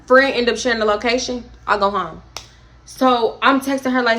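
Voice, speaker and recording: A young woman with a Houston accent telling a casual storytime, animated and swinging between hushed and exclaiming. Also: mid-range voice, a little fast. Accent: Houston, Texas. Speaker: storytime vlogger.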